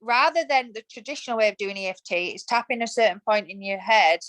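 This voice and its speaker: Speaking fast in a medium-pitched, slightly bright voice, this thirtysomething podcast guest gets emphatic and passionate during a casual interview. She acts out the thoughts she quotes, and the audio quality is poor.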